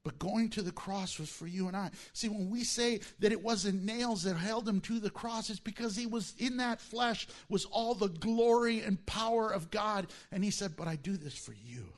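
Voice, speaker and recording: A male pastor preaching a sermon, animated and acting out the disciples' voices as he tells the story. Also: high voice, normal speed, few pauses.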